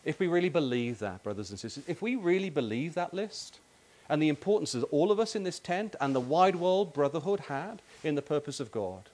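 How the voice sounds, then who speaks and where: Guy preaching a sermon, emphatic and animated, lots of brothers and sisters, voice kinda high. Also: fairly quick. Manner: emphatic, repeats phrases, addresses congregation as brothers and sisters. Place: tent meeting hall.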